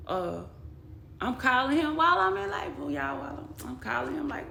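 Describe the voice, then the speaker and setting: Gravelly-voiced woman telling her own story. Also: sits high, very animated, normal speed, sharp tone. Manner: blunt and emotional, quotes others in dialogue. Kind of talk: personal storytelling vlog. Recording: echoey room with faint background noise.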